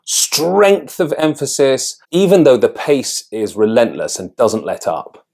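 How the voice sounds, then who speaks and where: A man teaching public speaking in a video lesson, talking clearly and deliberately stressing key words. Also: mid-range voice, a little mellow.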